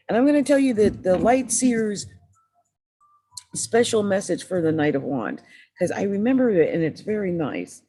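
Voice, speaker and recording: A woman's voice: mid-range voice, sing-song, moderate pace, warm tone, slightly rough. A woman giving a casual tarot reading, chatty and emphatic, often repeating the sign's name, her voice dry. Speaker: tarot reader and astrologer.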